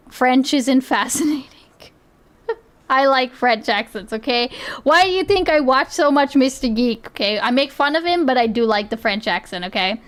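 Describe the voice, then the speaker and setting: A woman's voice: sits high, clear, resonant tone. A young woman streaming, chatting casually as she reacts to clips, laughing often and asking "okay?" a lot.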